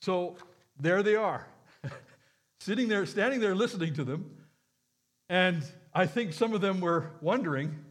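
Male pastor, slightly high voice, lively pitch, emphatic sermon delivery. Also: measured pace, long pauses. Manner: animated, emphatic preaching with rhetorical questions.

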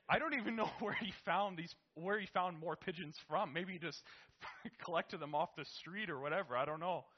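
A man's voice: fairly high pitch, lively intonation, normal speed. A young man telling a family anecdote casually, rambling with restarts and tag questions, on a dull lo-fi recording. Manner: rambling with many restarts and "right?". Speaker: storyteller.

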